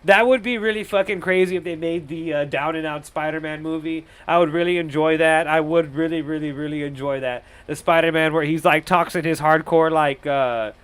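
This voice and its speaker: A young man reviews movies live on stream in a loose, rambling way, swearing freely and laughing at his own jokes. His voice is smooth and clear, sitting a little high for a man. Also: fairly even intonation, fairly quick, few pauses, fairly bright tone.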